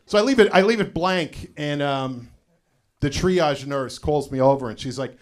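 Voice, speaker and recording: A middle-aged man doing a live stand-up set, telling stories in a loose conversational way with deadpan punchlines and lots of "you know" asides. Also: a little high, normal speed. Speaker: stand-up comedian.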